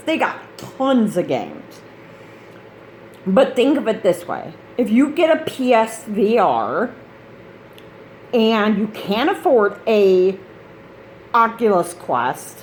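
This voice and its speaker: A woman's voice: mid-range voice, sing-song, slow, slight background noise. Chatty rambling woman gaming vlogger. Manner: chatty, meandering, laughs often. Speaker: gaming channel host. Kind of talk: casual rambling vlog chat.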